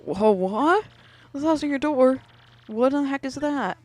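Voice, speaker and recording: A let's player voicing a blustering, loud male turtle-dragon king from a video game, shouting and indignant. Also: mid-range voice, a little slow, close to an everyday voice. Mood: excited.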